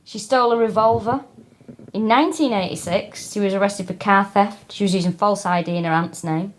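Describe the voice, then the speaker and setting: A woman's voice: mid-range voice, brisk. A woman in her thirties co-hosting a comedy podcast, reading out facts and chatting casually in a wry, self-mocking way. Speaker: podcast co-host.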